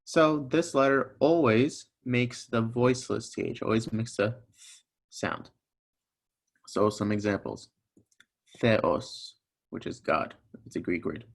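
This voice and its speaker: A fairly low-pitched young man leads a recorded language lesson. He goes patiently through each sound, step by step, and repeats his examples so the listener can follow. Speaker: teacher.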